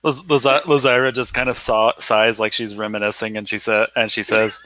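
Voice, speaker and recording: A man playing a tabletop game, halting and stammering as he explains, with a crisp, forceful voice. The sound is close and dry. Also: lowish voice, flat delivery, dry recording, rough recording. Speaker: player. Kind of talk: casual tabletop play.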